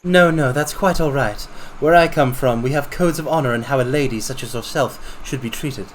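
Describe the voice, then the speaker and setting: A man's voice: mid-range voice, normal speed, a little hiss or hum, close to an everyday voice. A man voicing a chivalrous young prince in a game, formal and courtly.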